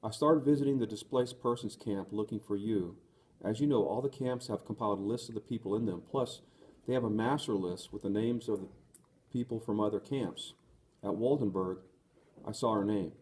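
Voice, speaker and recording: A man reading the part of a young woman who is tender and resolute, in an earnest, gentle voice. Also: on the low side, moderate pace, lightly acted. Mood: grieving.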